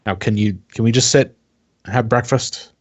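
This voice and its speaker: A man voicing a paranoid, defensive heir in a tabletop game, halting and apologetic with many restarts. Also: medium pitch, steady tone, slight background noise, lightly acted.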